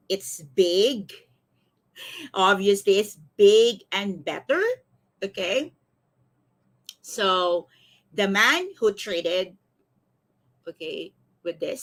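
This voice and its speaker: A woman's voice: medium pitch, animated, slow, long pauses, a bit bright. A middle-aged woman, a life coach telling a story on a livestream, quizzing viewers and reading their comments aloud. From Philippines. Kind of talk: live-streamed motivational talk.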